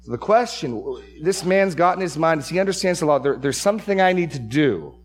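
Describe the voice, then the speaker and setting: A man's voice: on the high side, animated, a little fast, faint music behind. A man preaching an expository sermon as pastor. He stresses key phrases, repeats words and restarts his sentences.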